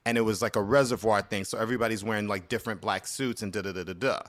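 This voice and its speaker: A man telling a story in a casual interview, animated and campy, acting out quotes with big jumps in his voice. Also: on the low side, rapid-fire. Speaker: interview guest.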